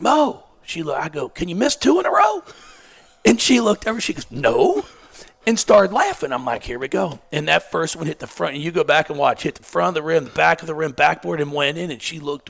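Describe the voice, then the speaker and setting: A man's voice: on the high side, brisk, vocal fry, fairly bright tone. A middle-aged man, a basketball coach who stutters, telling self-mocking stories in a sarcastic, laid-back way. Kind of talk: casual storytelling interview.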